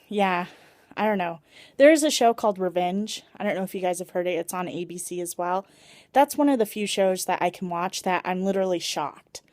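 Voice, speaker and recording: A woman's voice: mid-range voice, darkish tone, dry recording. A chatty woman vlogs into her phone camera at home. She talks casually and animatedly, laughs often and acts out her own reactions. The sound is close and dry. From Seattle area. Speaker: vlogger. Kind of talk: casual vlog chat.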